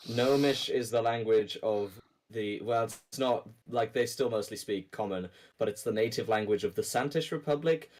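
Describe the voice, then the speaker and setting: Lowish man running a game. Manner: relaxed, rambling, teasing. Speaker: game master. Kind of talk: casual online tabletop session chat.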